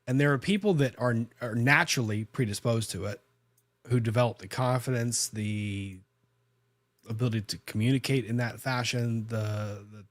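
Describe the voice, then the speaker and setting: In relaxed podcast chat, a lawyer and host recounts a courtroom story at a moderate pace, frequently restarting and correcting himself. His voice sits at a middle pitch, recorded dry and close with no room sound.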